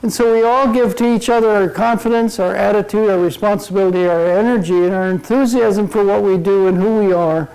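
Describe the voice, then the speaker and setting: An older man giving a humorous motivational talk at a club meeting, telling jokes deadpan. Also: sits high, fairly quick, vocal fry, few pauses, poor audio. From Minnesota. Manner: deadpan joke-telling to a laughing audience. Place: meeting room before a live audience. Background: audience laughter.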